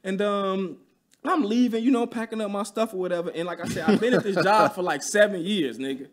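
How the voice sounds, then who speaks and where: A man in his thirties, a podcast guest, telling a story in a casual, animated way, full of slang and profanity. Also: sits high, a little fast. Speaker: podcast guest, real estate investor.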